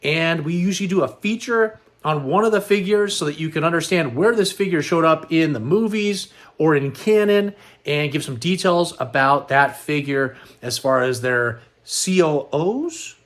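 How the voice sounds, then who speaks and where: A middle-aged man talks through his vlog in a loose, rambling way with an upbeat lift. His voice sits high for a man. He sounds tired and a little worn. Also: lively intonation, normal speed, a bit bright. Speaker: host. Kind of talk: casual vlog chat.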